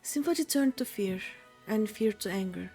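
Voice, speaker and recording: A woman voicing an ancient male scholar who was cursed into a monster, reading the game dialogue aloud slowly and solemnly. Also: mid-range voice, animated, mellow, faint music behind, natural voice. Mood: mournful.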